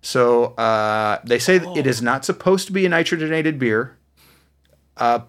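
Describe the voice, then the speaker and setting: A man co-hosting a casual beer podcast, explaining things in a halting way with many fillers. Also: medium pitch, lively intonation, a bit bright. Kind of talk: casual chat.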